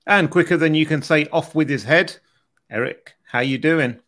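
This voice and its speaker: A man's voice: on the high side, normal speed, a bit bright, a little hiss or hum. A British man co-hosting a podcast, chatting casually and joking with frequent laughs. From Britain. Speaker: podcast co-host.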